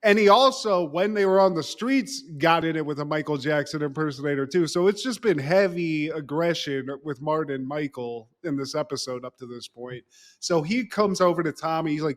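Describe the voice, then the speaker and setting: A man co-hosting a casual podcast, voice sitting a touch higher than most men's. He recaps with lively energy, jumps into the characters' voices for quoted lines, and swears freely. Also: moderate pace. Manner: animated, acts out quoted lines with profanity. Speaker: podcast co-host.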